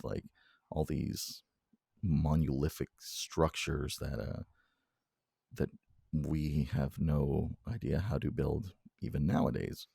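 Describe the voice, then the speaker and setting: A man's voice: extremely low pitch, gravelly, warm tone, dry recording, clean studio sound. A man co-hosting a podcast in casual chat, teasing his co-host and laughing often.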